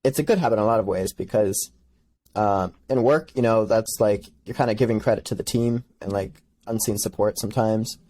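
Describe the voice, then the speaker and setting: A man's voice: on the low side, a little fast, warm tone. A man hosting a casual interview, easygoing and reflective, thinking aloud. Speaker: interview host.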